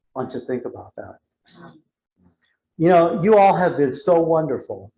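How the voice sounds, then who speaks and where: A man presenting a live workshop talk in a church hall, telling a story in an animated way and acting out what people said. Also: on the high side. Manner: animated retelling, acting out quotes. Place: church hall, with an in-person audience.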